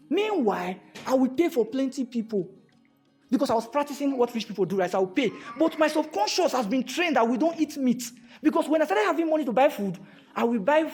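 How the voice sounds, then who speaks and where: Animated Nigerian man preaching success. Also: very high voice. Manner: animated, repeats rhetorical questions, slips into pidgin. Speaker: motivational speaker. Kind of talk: motivational talk to a live audience.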